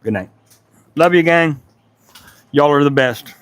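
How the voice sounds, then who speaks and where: A man's voice: a little high, measured pace, clear, resonant tone, no room sound. A middle-aged man hosting a woodworking livestream from his home workshop. He chats casually and rambles, greeting viewers by name. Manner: laid-back, rambling, talks to chat by name.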